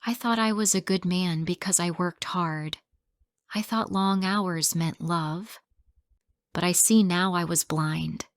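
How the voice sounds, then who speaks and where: A woman's voice: fairly low pitch, slow pace, dry recording, studio quality. A woman voicing a tired, remorseful middle-aged husband and father in her own plain, subdued voice.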